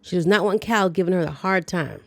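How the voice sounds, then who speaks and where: A woman hosts a casual movie recap, talking through scenes with playful asides and quick reactions. Her voice sits on the lower side. The recording is dry, with no room sound. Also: gravelly, dry recording. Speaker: movie review host.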